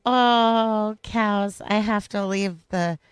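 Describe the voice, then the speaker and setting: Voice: medium pitch, fairly even intonation, extremely slow, smooth, no room sound, studio quality. Gushing, giggly live streamer. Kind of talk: casual gameplay commentary.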